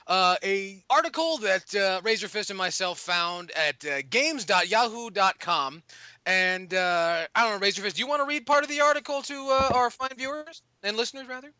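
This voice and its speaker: A high, very bright male voice hosting a rowdy gaming podcast. He hypes up his guests loudly and swears freely. The sound is close and dry. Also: dry recording. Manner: loud, hyped, profane. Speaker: podcast host.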